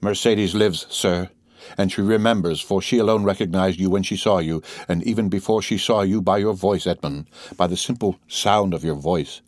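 A man's voice: deep voice, moderate pace, no echo, clean studio sound, natural voice. A man voicing a desperate noblewoman pleading for her son in an audiobook. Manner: pleading, despairing. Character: desperate pleading noblewoman, mother, middle-aged. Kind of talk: audiobook character reading.

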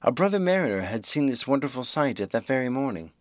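Man, audiobook narrator, measured storytelling, mid pitch, dry close sound. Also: very animated, no room sound. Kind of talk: scripted narration.

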